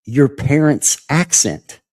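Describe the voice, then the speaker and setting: A man's voice: mid-range voice, animated, slow, darkish tone. Guy hosting an interview, medium voice, asks short probing questions. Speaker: podcast host. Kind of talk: interviewing a guest.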